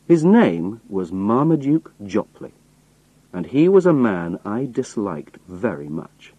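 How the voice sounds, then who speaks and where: A man reading a story aloud in first person, steady and storytelling, voicing the characters. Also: lowish voice, breathy edge, no room sound, low-quality recording. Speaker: audiobook reader.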